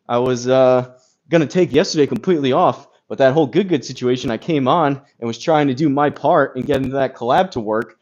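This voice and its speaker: A medium-pitched man's voice with a darkish tone chats a little fast on a golf live stream, rambling with plenty of fillers and reading chat comments aloud. Phone recording makes the audio slightly dull, with crackle.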